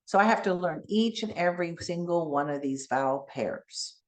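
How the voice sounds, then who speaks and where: This keynote speaker, a bilingual woman who learned Spanish first, runs a classroom-style phonics demonstration at a conference. She talks in a lively teacher's manner, slowly sounding things out, with a voice on the low side.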